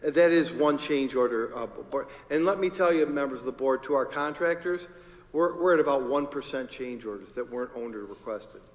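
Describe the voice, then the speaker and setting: A man's voice: mid-range voice, moderate pace, in a large hall. A man, a school district administrator, walks the board through agenda items in an informal, joking, conversational way at a public meeting.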